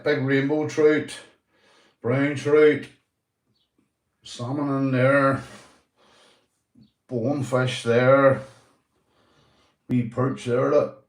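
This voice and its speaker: A man's voice: medium pitch, slow pace, long pauses. Chatty Northern Irish man, echoey room. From Northern Ireland. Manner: loose and chatty, swearing, calls viewers "mate". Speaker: livestream host. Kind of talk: casual livestream chat reading comments.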